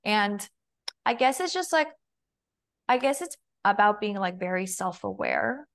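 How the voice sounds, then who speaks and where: A young woman, a femininity and body language coach, is a podcast guest speaking in an expressive, unhurried, gravelly mid-range voice. She chats casually, says "like" constantly, and performs her own and her partner's lines.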